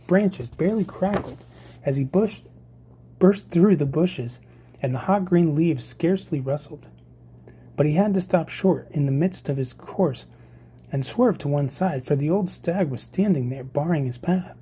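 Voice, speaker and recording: A reader narrating a classic novel chapter as an audiobook, with a steady storytelling delivery. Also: mid-range voice, breathy edge. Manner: steady storytelling read, occasional slips. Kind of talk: scripted narration.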